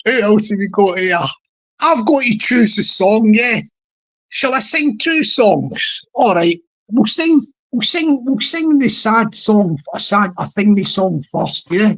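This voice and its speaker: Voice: mid-range voice, lively intonation, slow, a bit bright. A live-stream host, chatting casually to a small online audience in a rambling way, often restarting sentences.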